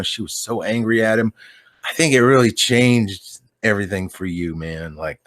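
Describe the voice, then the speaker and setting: Laid-back low-voiced man telling stories. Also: fairly bright tone, no echo, studio quality. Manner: laid-back rambling storyteller, swears, laughs often. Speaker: podcast guest. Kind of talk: casual chat.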